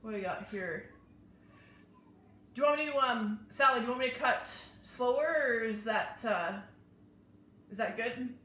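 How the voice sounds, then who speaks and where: A woman's voice: fairly high pitch, animated, moderate pace, pauses often, a bit bright. A woman hosting a live cooking class, chatting her way through each step as she chops and prepares food in a kitchen. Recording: very echoey room, mic far off.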